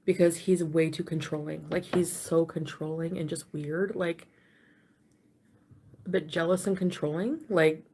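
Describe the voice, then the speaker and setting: A woman's voice: low-pitched, fairly even intonation, unhurried, warm tone, a little hiss or hum. Young woman vlogger, tearful, rambling vent full of "like"s and sighs. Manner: rambling, filler-heavy, sighing and venting. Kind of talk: rambling casual vlog talk.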